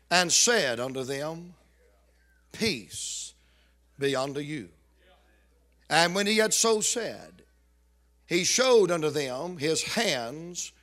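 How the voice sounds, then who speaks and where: Slow, bright-voiced preacher man. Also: high voice. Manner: emphatic, drawn-out repetition with joking asides. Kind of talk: revival sermon.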